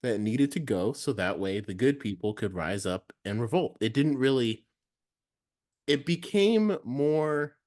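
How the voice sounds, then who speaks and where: A man co-hosting a casual film review, talking in a relaxed, rambling way with many fillers. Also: mid-range voice. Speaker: podcast co-host.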